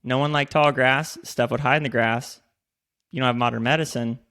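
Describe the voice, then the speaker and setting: A man's voice: medium pitch, fairly even intonation, normal speed, a bit bright. A man co-hosting a podcast in casual chat, joking and swearing freely. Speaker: podcast co-host. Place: in Austin.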